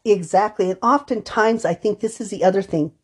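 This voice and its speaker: A woman's voice: medium pitch, brisk, a little mellow, breathy edge. Female therapist co-host, conversational storyteller, acts out dialogue. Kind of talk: podcast conversation.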